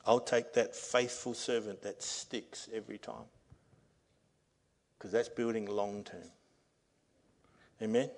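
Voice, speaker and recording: A man's voice: on the low side, little pitch movement, slow pace, creaky, long pauses. Earnest male pastor preaching. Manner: earnest preaching that swells to loud, emphatic reading. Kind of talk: sermon. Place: church service. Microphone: microphone.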